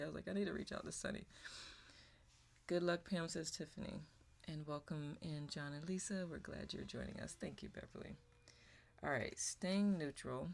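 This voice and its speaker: In a low voice with vocal fry, a woman hosts a meditation livestream, chatting casually as she reads viewer comments. She is warm and affectionate, greeting viewers by name from the chat and laughing often.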